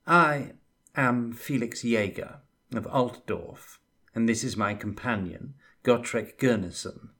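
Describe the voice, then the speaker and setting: Wary, diplomatic young hero, read by a man; husky and slow. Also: mid-range voice, a bit bright.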